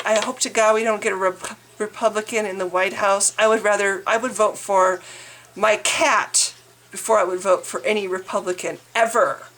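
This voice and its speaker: A woman's voice: mid-range voice, fairly bright tone. A woman vlogger delivering an angry, exasperated political rant, swearing and stumbling over restarts.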